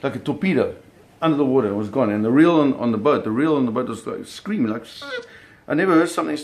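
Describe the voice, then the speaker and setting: A man telling a personal story in an animated, vivid way, often restarting his phrases. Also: medium pitch, quick pace.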